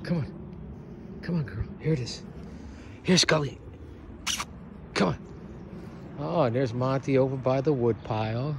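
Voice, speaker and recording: A man's voice: mid-range voice, expressive, normal speed, pauses often, muffled recording, background noise. A man who sits dogs, talking casually as he walks them through the woods and calls them to play fetch. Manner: coaxing, chatty, calls to dogs. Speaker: dog sitter. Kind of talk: casual vlog narration to dogs. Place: woods outdoors.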